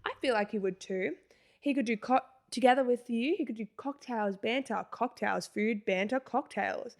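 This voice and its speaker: A woman's voice: on the high side, normal speed. A young woman co-hosting a podcast in casual chat, playful and teasing, laughing often. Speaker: podcast co-host.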